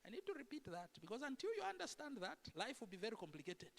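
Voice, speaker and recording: A man preaching a sermon in a church, animated and full of rhetorical questions to the congregation. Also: extremely high pitch, fast, creaky, hardly any pauses. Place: church sanctuary. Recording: echoey church hall.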